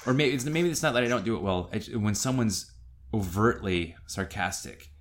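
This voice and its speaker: Middle-aged man, podcast co-host, lowish voice, lively storytelling, pitch leaps on quotes. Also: normal speed. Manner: animated, acts out quotes with sudden jumps in pitch. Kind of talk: casual storytelling chat.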